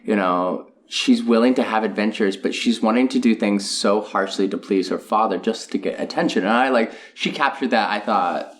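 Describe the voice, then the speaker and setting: A man's voice: on the low side, normal speed, few pauses. A man co-hosting a podcast in casual chat, earnest and agreeable, talking in long musing runs. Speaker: podcast co-host.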